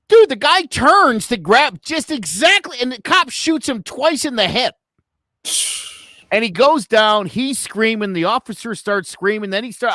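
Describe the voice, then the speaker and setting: A high, bright-voiced man co-hosts a casual podcast. His pitch jumps all over as he acts out every quote, swearing as he goes. The sound is close and dry. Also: a little slow, no echo. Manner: animated storyteller, acts out quotes, heavy swearing. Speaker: podcast co-host.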